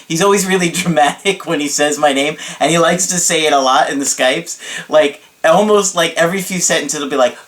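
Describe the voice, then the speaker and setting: Relationship coach, male, higher-pitched, chatty, laughs a lot, keeps asking "right?". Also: a bit bright. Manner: chatty, laughs often, frequent tag questions. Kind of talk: casual talk to camera.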